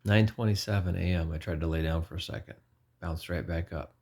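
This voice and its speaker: A man's voice: sits low, fairly even intonation, a little fast, a little mellow. A man in his forties giving an informal, earnest personal testimony, rambling and often correcting himself mid-sentence. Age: 40s. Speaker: lay preacher.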